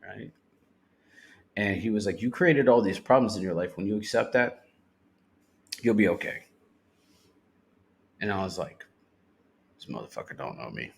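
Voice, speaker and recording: Low-voiced guy on a podcast telling his recovery story, blunt, swears a lot. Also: measured pace, long pauses, slight background noise. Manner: candid, swears freely, retells talk in quotes. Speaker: podcast guest. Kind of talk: personal recovery testimony.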